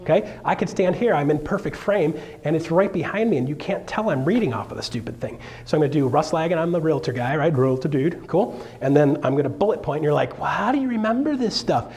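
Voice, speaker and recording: Energetic male realtor and seminar speaker, slightly high voice, playful with loud bursts. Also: fast, few pauses. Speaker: realtor giving a seminar talk. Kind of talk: live motivational seminar talk. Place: stage in front of a live audience.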